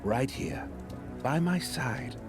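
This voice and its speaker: Creepy charmer, silky and very slow, whispery menace; a man doing the voice. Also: mid-range voice, animated. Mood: sinister. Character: sinister smooth-talking male captor. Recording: demo reel with music bed.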